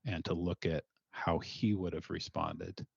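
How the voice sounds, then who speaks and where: A man who is a single father, speaking as a podcast guest in a thoughtful, measured, sincere way. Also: low voice, fairly even intonation, gravelly, slightly rough, no room sound, muffled recording. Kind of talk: reflective interview talk.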